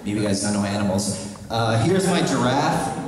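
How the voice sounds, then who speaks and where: A young man performing a stand-up comedy set in a small live venue, delivering deadpan absurd one-liners and the occasional shouted animal voice. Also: on the low side, moderate pace, noisy background. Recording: echoey room taped from far off with crowd. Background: audience laughter.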